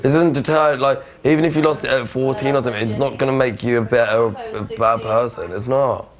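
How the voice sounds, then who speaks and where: A man's voice: medium pitch, fairly even intonation, fairly quick. A man on a reality show, chatting and prodding with blunt questions. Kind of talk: casual chat.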